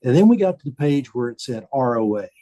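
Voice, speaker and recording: A man, a bank chief telling stories in a relaxed interview, folksy and often repeating words as he acts out quotes. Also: mid-range voice, fast talker, no echo, poor audio. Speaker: bank CEO, podcast guest. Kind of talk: casual storytelling interview.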